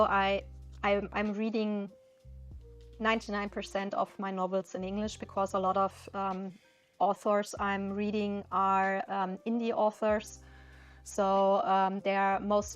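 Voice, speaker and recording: A woman with a German accent, a native German speaker, chatting casually and a little hesitantly as she colors, searching for words, with faint music behind her. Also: medium pitch. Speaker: coloring channel host. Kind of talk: casual chat while coloring.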